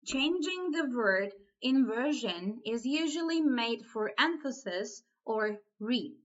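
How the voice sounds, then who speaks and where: A woman with a Turkish accent teaching a language lesson, explaining word order slowly and reading example sentences aloud. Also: a little high, animated, muffled recording.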